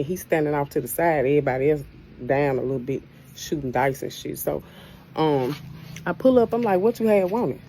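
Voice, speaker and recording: Low-voiced blunt woman ranting. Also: a little hiss or hum, poor audio. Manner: blunt, profane, conversational. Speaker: storyteller. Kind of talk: casual storytime rant.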